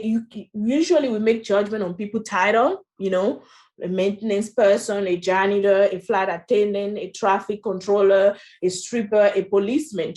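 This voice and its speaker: Her voice is mid-range and a little mellow as she presents a training session. The woman, who has a French accent, keeps things conversational and often says "you know" and "right?" as a workshop presenter.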